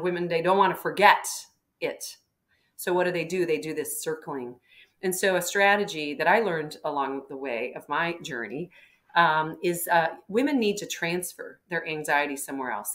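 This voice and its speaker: A woman doctor with a low voice gives advice on a live webinar, talking in an animated, hands-on way. She clears her throat now and then, over a video call. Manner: animated, acting out patients' words, frequent throat clearing. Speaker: physician guest.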